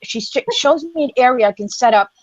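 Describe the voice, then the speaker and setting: Animated woman telling a rambling story. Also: quick pace, dry recording, dull audio. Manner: animated, acts out quoted voices in a higher pitch; rambling, many fillers and restarts. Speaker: co-host of an online women's livestream community. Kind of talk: casual storytelling on a live group stream. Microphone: phone or webcam on a live stream.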